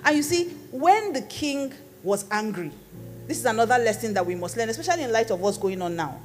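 A woman's voice: on the high side, animated, a little fast. A woman pastor preaching a sermon in a conversational, playful teaching manner. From Nigeria. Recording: long hall reverb with faint music.

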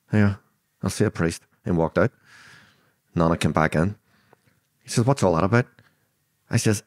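Older Belfast man, deep and gravel-free, dry close recording, vivid blunt storyteller who voices each speaker. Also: moderate pace, a little mellow, no room sound. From Northern Ireland. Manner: vivid retelling that acts out quoted dialogue; blunt, swears freely. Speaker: guest. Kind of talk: storytelling interview.

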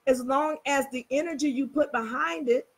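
A woman teaching in a casual, animated way, telling everyday stories and checking that listeners follow. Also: high voice, moderate pace, poor audio. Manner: animated, storytelling, coaxing listeners. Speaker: spiritual teacher. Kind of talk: casual motivational talk.

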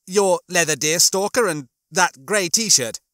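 A man voicing a prissy male hologram officer with a high, indignant manner. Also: unhurried, pushed and bright, dry recording, studio quality.

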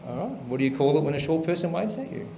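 A man's voice: a little high, lively intonation, rapid-fire, background noise. A man hosting a comedy show, telling jokes with an upbeat, chuckling manner. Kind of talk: stand-up joke telling.

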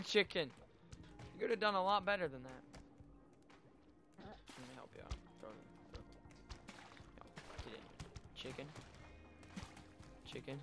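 A young man with a high, bright voice commentates on his game in a casual, excitable way. His pitch swings widely as he reacts, with faint music playing under him. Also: unhurried, long pauses. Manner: excitable, yelps and shouts at sudden moments. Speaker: gaming video host.

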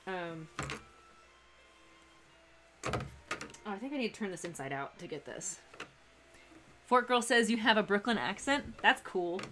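A woman's voice: mid-range voice, expressive, measured pace, pauses often, noisy background. A young woman with a faint Texan accent chatting casually on a live stream while she sews, rambling and breaking off mid-sentence. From Texas. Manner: chatty, rambling, self-interrupting with laughs. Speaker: cosplay streamer.

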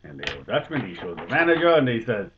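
A man tells a joke in a casual, folksy ramble, his low voice swinging widely up and down. The voice is husky and comes through a thin, phone-like channel. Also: big pitch swings, fast, slight background noise. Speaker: host telling a joke. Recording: tinny phone-like sound.

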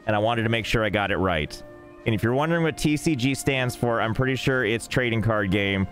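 A young man casually streaming a game, rambling and joking in deadpan asides. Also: medium pitch, fairly quick. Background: faint game music.

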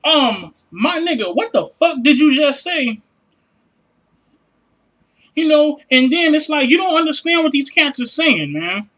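A man ranting in a vlog, loud and exasperated and swearing heavily. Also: very high voice, sing-song, measured pace, pauses often. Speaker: vlogger.

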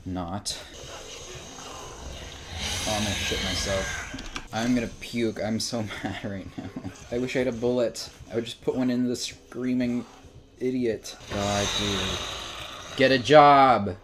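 A young man with a fairly low voice talks through a horror game on stream at a desk microphone. He sounds exasperated, often bursting into shouts and laughs. A faint room ambience sits under his voice. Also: fairly even intonation, unhurried, pauses often, background noise. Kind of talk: frustrated gameplay commentary.

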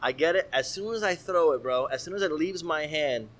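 Brief: man, 30s, slightly higher voice, lively slangy storyteller on a podcast, swears freely. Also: brisk. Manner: animated, profane, slangy with frequent "bro". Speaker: guest artist.

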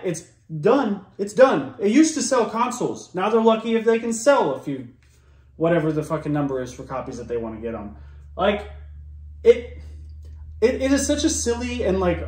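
A man's voice: sits high, a little mellow. Profane ranting man, echoey room. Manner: profane, heated, lots of likes and restarts. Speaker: reaction commentator. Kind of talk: ranting reaction commentary.

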